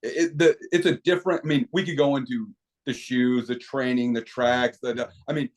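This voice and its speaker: A man's voice: medium pitch, fairly even intonation, normal speed. A middle-aged man talking as a podcast guest, telling stories animatedly with many restarts. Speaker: podcast guest, equipment company owner. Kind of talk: casual interview talk.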